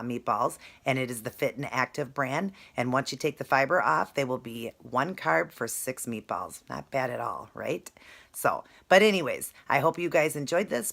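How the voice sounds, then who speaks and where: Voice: mid-range voice, creaky, fairly bright tone. A food vlogger who retells a film plot in a rambling, chatty way. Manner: rambling and chatty, with frequent fillers.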